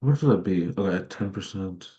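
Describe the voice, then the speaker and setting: A man's voice: low voice, expressive, normal speed, warm tone. A young man streaming, chatting casually about his investments and filling his talk with "like" as he rambles. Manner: rambling, heavy on "like" fillers. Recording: dull lo-fi stream mic.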